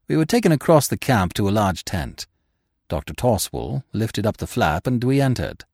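A man narrating a classic story with an expressive, dramatic reading. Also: lowish voice, moderate pace, no room sound, clean studio sound. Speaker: podcast narrator. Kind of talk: scripted audiobook narration.

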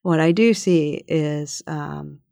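A woman as a policy researcher guest in a podcast interview, answering in a measured, thoughtful way with frequent fillers and restarts. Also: low voice, gravelly, mellow, no echo, studio quality.

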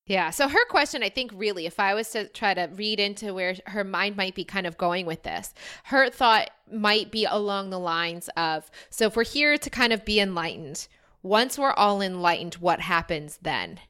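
A woman's voice: mid-range voice, expressive, normal speed, pushed and bright, clear, resonant tone. A woman hosting a podcast, chatty and informal, laughing easily in casual conversation. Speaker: podcast host.

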